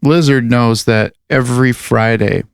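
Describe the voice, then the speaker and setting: A man co-hosting a podcast talks in a loose, rambling way, full of fillers and cursing. His voice has a gravelly edge but stays smooth and clear. The sound is dry and close. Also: mid-range voice, unhurried, dry recording. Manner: rambling, swears a lot, many fillers. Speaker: podcast co-host and metal musician. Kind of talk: casual chat.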